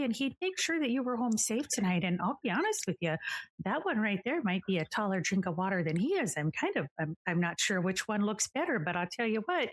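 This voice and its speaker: A woman voicing a tiny, sweet, chatty old grandmother who dotes on her granddaughter. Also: medium pitch. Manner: doting, chatty, tearful.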